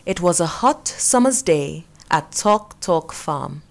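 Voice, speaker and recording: A woman reading a farm-animal story aloud to children, speaking warmly and slowly. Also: lowish voice, lively intonation, gravelly. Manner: warm and slow, speaking to children.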